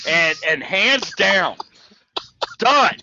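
A man with a high voice chats in a playful, boastful way, laughing often. His pitch swings widely while he keeps a slow, drawn-out pace. The recording is dull and lo-fi, with clear noise in the background. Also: sing-song, sharp tone, dry recording. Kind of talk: casual group chat.

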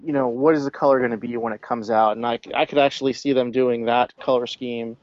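A man on a podcast in casual chat, speaking fondly and enthusiastically with halting pauses. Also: medium pitch, fairly even intonation, a little mellow, dry recording. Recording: dry muffled audio.

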